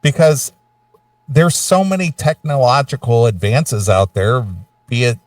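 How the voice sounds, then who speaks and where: Podcast cohost guy, mocking tone, bouncy pitch, a bit off mic, dry room. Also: unhurried, no echo, distant mic. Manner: mocking, lively, does old-man impressions. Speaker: podcast co-host. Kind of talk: casual podcast banter.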